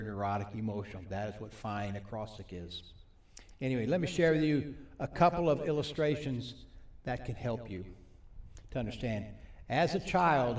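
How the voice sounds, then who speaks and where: A man preaching a sermon at a recovery ministry. He reads scripture slowly and asks the audience questions. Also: medium pitch, darkish tone. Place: meeting hall with a live audience. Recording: echoey hall, mic from a distance.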